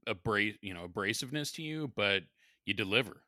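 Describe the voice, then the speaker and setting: A man's voice: fairly low pitch, animated, brisk, bright, forceful tone, dry recording, studio quality. A man co-hosting a podcast in casual chat, laughing a lot and thinking aloud. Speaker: podcast co-host.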